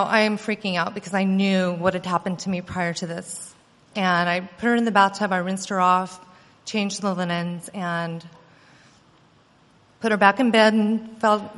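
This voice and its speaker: Woman, a mother, earnest animated storyteller, middle pitch, recorded with long reverb. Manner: earnest, animated telling with quoted dialogue. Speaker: mother recounting an experience. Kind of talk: personal storytelling.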